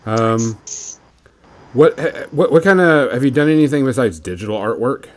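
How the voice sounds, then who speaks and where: A man hosts a casual podcast while painting miniatures. He talks in a relaxed, meandering way, full of ums and uhs. His pitch sits in a plain middle range. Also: normal speed. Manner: relaxed, rambling with many fillers.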